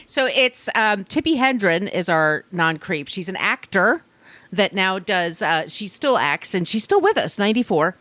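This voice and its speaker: A woman's voice: mid-range voice, very animated, a little slow, fairly bright tone, dry recording. Rambling woman podcast host. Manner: rambling, loose, with many fillers and asides. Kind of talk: casual chat, storytelling.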